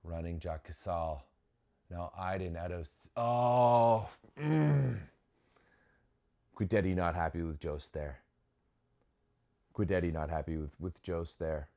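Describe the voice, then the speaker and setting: Hosting a volleyball watch-along, this young man speaks at normal speed in a deep voice. He offers casual live commentary, often restarting his sentences and bursting into sudden excited exclamations.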